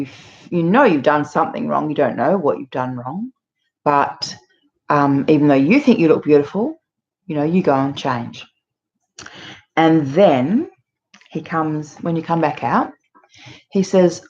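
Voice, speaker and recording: Deep-voiced woman talking earnest, lots of you know, muffled audio. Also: moderate pace, darkish tone. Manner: earnest, explanatory, many fillers. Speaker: channel host. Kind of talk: talking to camera about abuse.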